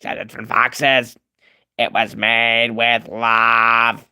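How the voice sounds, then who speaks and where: A man's voice: mid-range voice, little pitch movement, sharp tone, voice pushed down, exaggerated voice. A man putting on the smoker voice of a friendly middle-aged woman deli worker during a livestream. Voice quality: gravelly smoker voice. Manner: slow, friendly, offering food. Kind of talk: livestream impression.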